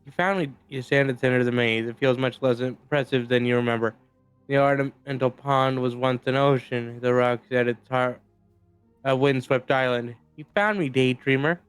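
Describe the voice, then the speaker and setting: A man streaming a story game, reading its narration aloud in a steady storytelling way. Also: medium pitch, moderate pace, clean tone, dry recording, faint music behind.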